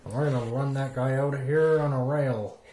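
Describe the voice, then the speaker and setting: A man's voice: mid-range voice, fairly even intonation, normal speed, mellow, a little hiss or hum, natural voice. A man voicing a tough, boastful male small-town sheriff, in a room with some echo. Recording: roomy echo.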